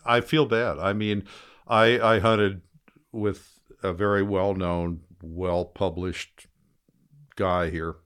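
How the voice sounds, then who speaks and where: An older man, a former fishing guide, telling a lively story in casual conversation and shouting out the quoted lines. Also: sits low, slow, smooth.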